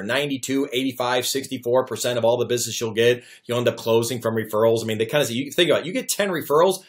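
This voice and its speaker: A middle-aged man giving sales training tips straight to camera, talking energetically and acting out bits of customer dialogue. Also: mid-range voice.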